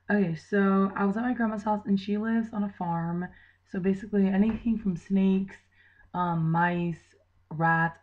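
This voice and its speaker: A woman's voice: medium pitch, narrow, tinny audio. A tired young woman in casual vlog chat, rambling and chatty with lots of fillers. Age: young adult. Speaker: channel regular.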